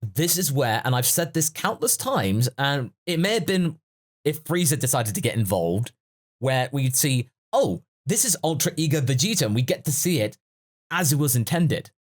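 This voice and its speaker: A man's voice: mid-range voice, big pitch swings, moderate pace. A man hosting a casual podcast discussion, musing and analytical in a chatty way. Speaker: podcast host.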